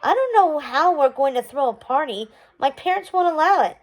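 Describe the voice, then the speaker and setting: A woman's voice: high voice, expressive, normal speed, poor audio. A woman voicing a sad, polite young princess in a storybook read-aloud. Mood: wistful.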